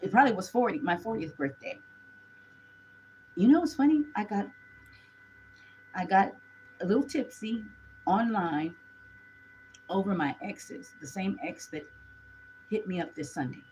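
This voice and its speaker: A woman's voice: medium pitch, animated, unhurried, pauses often, a little mellow, a little hiss or hum, poor audio. A woman gives a chatty live tarot reading, talking straight to her viewers. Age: 40s. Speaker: tarot reader.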